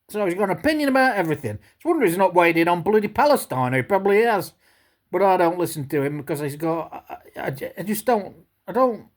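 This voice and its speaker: Vlogger, woman, scornful sweary rant with a very lively, swinging pitch. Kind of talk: ranting commentary vlog.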